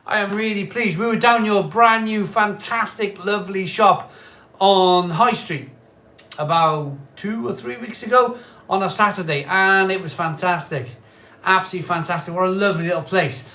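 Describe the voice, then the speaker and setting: A middle-aged man hosts a live craft beer stream, a bit tipsy after a pint or two, chatting in a rambling, repetitive way with loud, cheery greetings. His voice is high-pitched and moderately paced.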